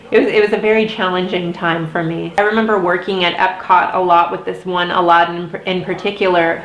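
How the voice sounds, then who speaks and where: A young adult woman telling a candid, emotional story in a casual storytime vlog, with lots of "like". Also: on the low side. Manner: candid, emotional, heavy use of "like". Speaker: vlogger. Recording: roomy echo.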